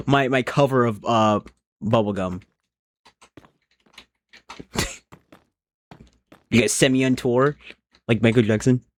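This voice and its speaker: A man's voice: medium pitch, slow pace, long pauses, slight background noise. A young man chatting casually on a live stream while he plays a game, thinking aloud and rambling from one thought to the next.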